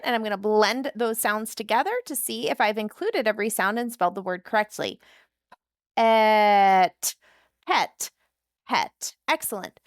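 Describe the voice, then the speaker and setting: A woman teacher with a fairly high voice models a spelling lesson, slowly and deliberately sounding out each sound. Her voice is close and dry, with no room around it. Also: fairly bright tone, dry recording. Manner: slow, deliberate, sounding out phonemes.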